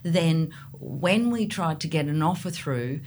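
A middle-aged woman with a low voice tells stories from her years as an agent. She is animated and acts out the buyers she argues with. A light noise sits under the recording. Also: unhurried. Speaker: real estate agent. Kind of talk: podcast interview.

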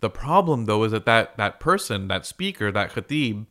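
A man's voice: fairly low pitch, big pitch swings, normal speed, bright, forceful tone. A man hosting a podcast, talking through ideas in a conversational, storytelling way with frequent restarts. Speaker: podcast host. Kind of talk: explanatory podcast monologue.

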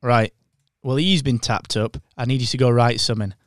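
A man's voice: mid-range voice, moderate pace, dry recording, lightly acted. A man doing a pushy, chummy studio boss. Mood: coaxing.

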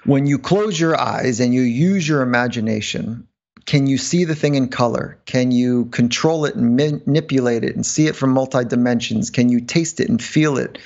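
A man as a podcast guest, explaining mental rehearsal with rambling, animated stories and frequent laughs. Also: medium pitch, gravelly, highs cut off. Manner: rambling, laughs often, quick asides. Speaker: podcast guest, performance psychologist. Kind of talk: animated interview storytelling.

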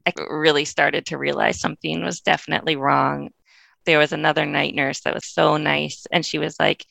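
This podcast guest is a woman whose low voice has a creaky texture, captured in a dry recording. Talking quickly and casually, she works through a lengthy personal story, breaking into frequent laughter and acting out what others said with animated voices.

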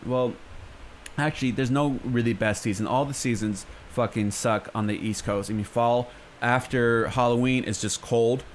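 A man's voice: lowish voice, a little hiss or hum. A young man from San Francisco hosting a radio show, ranting in profane, exasperated bursts full of stammers and restarts from a studio. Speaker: radio host.

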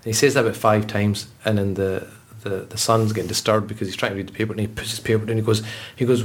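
A man's voice: lowish voice, level tone, brisk, husky. A man, a religious scholar, talking earnestly in a podcast conversation, telling stories with frequent restarts. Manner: earnest, storytelling, with repeated restarts.

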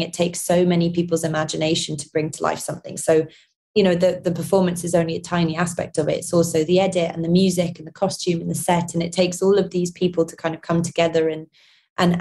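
A young woman from London with a London accent, answering interview questions casually, hesitant with many restarts and soft laughs. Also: on the low side. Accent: London English. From London, England. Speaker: actress, interview guest.

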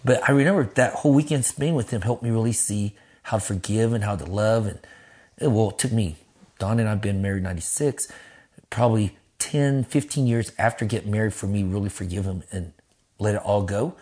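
A middle-aged man, a pastor, telling his life story in an interview in a lively, casual way, acting out quotes in a raised voice and cursing freely. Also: a little fast. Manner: animated, acts out quotes in a high voice, laughs, swears casually.

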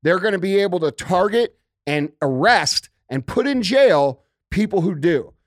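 A man's voice: high voice, lively intonation, unhurried, no room sound, clean studio sound. Heated, profane man ranting. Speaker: podcast co-host. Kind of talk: casual political talk.

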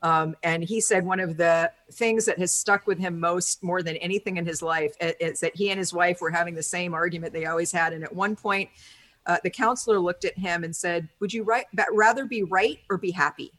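A woman's voice: on the low side, steady tone, fairly quick, fairly bright tone. A woman speaking as an interview guest, explaining thoughtfully in a chatty way, with many fillers and an easy laugh. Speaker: interview guest, personality-type teacher. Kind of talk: conversational interview.

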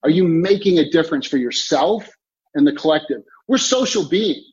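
A man speaks as a time coach in an interview, hammering home his points with emphatic repetition. His voice sits a little high, and the audio sounds muffled and lo-fi, like a remote connection. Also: expressive, moderate pace, darkish tone. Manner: emphatic, repeats key phrases, coaching tone. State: clearing throat, choked up. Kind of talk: motivational interview talk.

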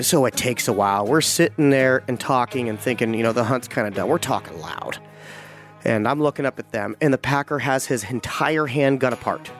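A hunting guide recounts a tense first-person story in vivid but halting speech, restarting often. He speaks in a mid-range male voice.

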